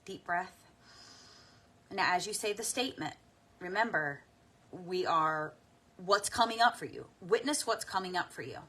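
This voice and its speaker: A woman leading a slow guided tapping meditation. She speaks softly and unhurriedly, pausing often for deep breaths and audible sighs. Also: animated, breathy edge.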